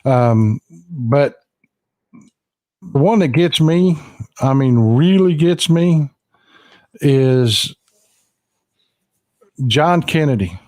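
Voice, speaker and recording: A man's voice: on the high side, animated, very slow, pauses often, darkish tone, no room sound. Folksy blunt man, dry close sound. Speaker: host. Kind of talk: casual political chat.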